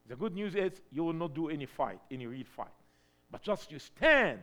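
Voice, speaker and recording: A man preaching a sermon in English, which is not his first language, swinging between loud emphatic cries and hushed storytelling. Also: a little high, sing-song, normal speed. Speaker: pastor.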